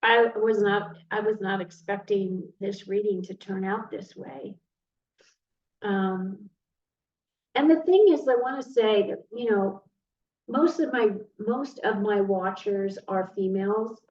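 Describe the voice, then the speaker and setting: A woman's voice: mid-range voice, takes it slowly, a little mellow. Earnest woman giving a tarot reading. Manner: earnest, emotional, speaks directly to the viewer. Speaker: tarot reader. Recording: roomy, distant, dull sound with faint noise.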